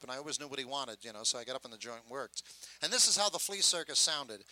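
An older man telling stories in a gruff, rambling, wisecracking way about his years as a sideshow showman. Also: medium pitch, animated, fast, pushed and bright, rough recording. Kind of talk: casual storytelling.

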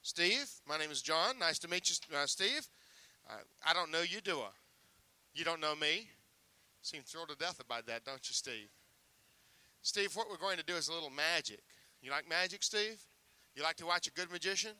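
A man's voice: on the high side, animated, normal speed, bright, forceful tone, dry recording. A man working as a sideshow magician, teasing a young volunteer with joking stage patter. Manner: joking, teasing showman banter.

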